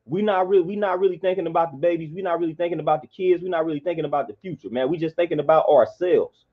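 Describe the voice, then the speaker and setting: A man's voice: fairly high pitch, rapid-fire. A man, delivering an impassioned monologue in a preachy, repetitive, emphatic way. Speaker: vlogger. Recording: dull lo-fi sound.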